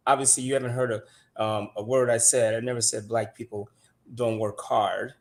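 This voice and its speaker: An American man co-hosting a casual talk show, blunt and animated as he tells stories and answers comments. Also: medium pitch, moderate pace. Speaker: podcast co-host. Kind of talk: casual chat.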